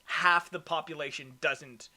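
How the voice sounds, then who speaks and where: A man's voice: on the high side, fairly even intonation, measured pace, pushed and bright. A man hosting a casual gaming podcast. He reads news from his notes, often stumbles and starts over, and runs short of breath. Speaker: podcast host.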